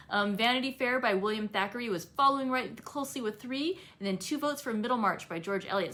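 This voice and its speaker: A woman hosting an online read-aloud group, chatting casually as she recaps the plot and slips into quick quoted asides. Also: medium pitch, bright, forceful tone. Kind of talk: casual book-club recap.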